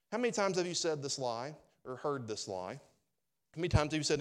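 A pastor preaching a sermon in a conversational, joking way, full of rhetorical questions to the congregation. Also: male voice, a little high, animated, fairly quick.

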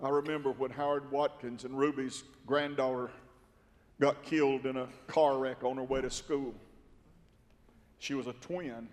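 A male pastor preaching a sermon, swinging from soft, quiet storytelling to dramatic shouting. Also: mid-range voice, steady tone, moderate pace. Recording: long reverb from a big hall.

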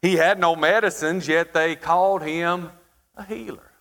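A man preaching a sermon, asking the congregation questions and pausing for emphasis. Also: on the high side, fairly even intonation, a bit bright. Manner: preaching with rhetorical questions and dramatic pauses. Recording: hall reverb.

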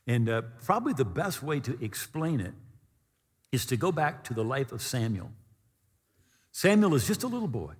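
A man preaching a sermon as pastor, telling the story with animated delivery and acting out the voices of the figures he quotes. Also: medium pitch, normal speed, long pauses, slightly rough. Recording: long reverb of a large hall.

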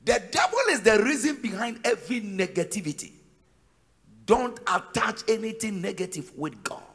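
Preacher guy, high and swinging all over, shouts the big lines, big echoey hall. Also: expressive, moderate pace, breathy edge. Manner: emphatic, sing-song preaching with shouted peaks. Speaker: pastor. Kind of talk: sermon. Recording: long reverb of a large hall.

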